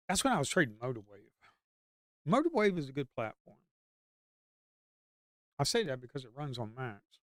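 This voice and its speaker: A medium-pitched, sing-song male voice, fairly bright, moving at a moderate pace with long pauses; the studio recording is clean with no room sound. As a livestream day trader, he offers casual live commentary, speaks to the chart to coax the market along and sometimes swears quietly.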